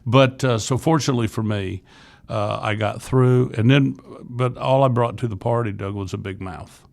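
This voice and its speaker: A man's voice: medium pitch, steady tone, moderate pace, vocal fry, darkish tone. A man in his sixties from Florida, telling his life story as a podcast guest in an earnest, candid way, with frequent restarts. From Florida, USA. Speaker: podcast guest, youth ministry leader. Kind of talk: casual interview storytelling.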